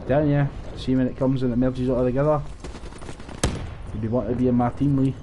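A man's voice: medium pitch, flat delivery, brisk, highs cut off, a little hiss or hum. A young Scottish man giving live, rowdy, swear-filled commentary on his game stream. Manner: sweary, rowdy banter with the chat. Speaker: gaming streamer.

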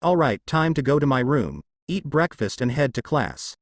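A man's voice: medium pitch, very animated, normal speed, dry recording. A man voicing a cocky teenage male ninja in a storybook reading, in his own plain voice. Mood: offhand.

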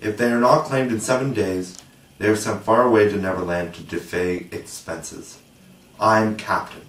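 A man's voice: on the low side, normal speed, recorded from a distance, natural voice. A man playing cocky boy Peter Pan. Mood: matter-of-fact. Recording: roomy echo, voice set back from the mic.

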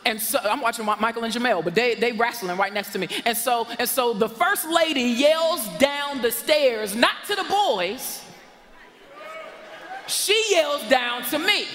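High-voiced, bright, preaching pastor man. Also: a little slow, big-room sound. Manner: lively preacher, shouts for emphasis and laughs along. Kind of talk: sermon. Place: church sanctuary. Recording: church sanctuary with congregation noise.

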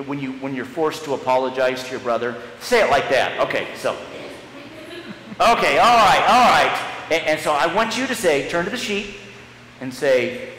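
A man's voice: on the high side, expressive, moderate pace, fairly bright tone, a little hiss or hum. A man serving as pastor, leading a children's message in a church sanctuary, guiding the kids through a story in a stop-start, playful way. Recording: echoey church hall, live stream.

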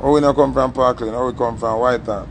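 A young man with a Jamaican accent telling a story in a casual, animated way and acting out the voices in it. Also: mid-range voice, quick pace, slight background noise. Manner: animated, acts out the story's voices, patois-heavy.

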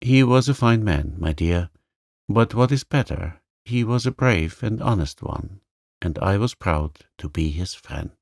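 A man voicing a gruff, stern old gentleman who is kind underneath, speaking abruptly in short sharp questions. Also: fairly low pitch, animated, a little slow, dry recording, clean studio sound. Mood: approving.

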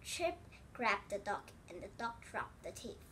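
A woman reading a children's storybook aloud in a slow, careful read-aloud way. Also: medium pitch, sing-song, pushed and bright, slight background noise. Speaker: storybook reader.

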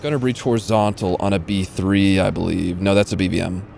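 A man's voice: sits low, fairly even intonation, brisk, vocal fry, noisy background. A man casually commentating his own live gameplay, slangy and swearing freely. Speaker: streamer.

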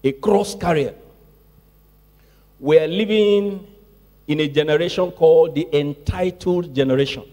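Long reverb fills the church sanctuary as a man delivers a sermon to his congregation in a mellow, fairly high voice. His delivery is a little slow with long pauses, and he emphasizes key words, repeats phrases, and calls out to the room.

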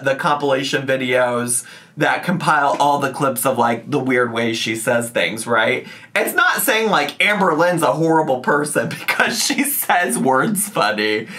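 A man's voice: fairly high pitch, sharp tone. A man talking casually as a reaction video host, rambling with lots of fillers and frequent laughs. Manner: chatty, rambling, laughs often, many "like" and "right?". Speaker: commentary YouTuber.

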